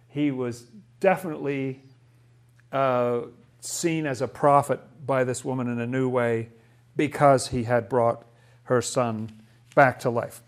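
A man's voice: mid-range voice, fairly even intonation, measured pace. A man teaching a Bible study in a musing, thoughtful way. He often restarts his sentences and poses rhetorical questions to the group.

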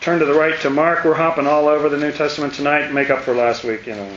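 A man leading a casual Bible study, animated and exclamatory, his voice jumping up when excited. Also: on the high side, fast talker. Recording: dull, roomy, faint hiss.

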